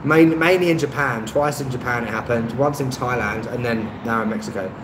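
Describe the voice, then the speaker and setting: A man chats through a live stream from his phone, rambling and hesitant, filling gaps with ums and putting himself down. His voice sits at a middling pitch and rings with a noticeable echo. Faint traffic hums in the background. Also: a little fast. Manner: rambling and hesitant, lots of ums, self-deprecating. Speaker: travel YouTuber hosting a live stream. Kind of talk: casual live-stream chat, reading and answering comments. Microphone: phone on a stabilizer.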